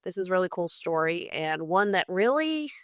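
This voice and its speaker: A woman's voice: on the low side, big pitch swings, moderate pace, fairly bright tone, clear, resonant tone, no room sound, studio quality. A young woman with a Southern accent, casually telling a folklore story on a podcast and laughing often. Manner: chatty, laughs often, enthusiastic about folklore. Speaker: guest co-host.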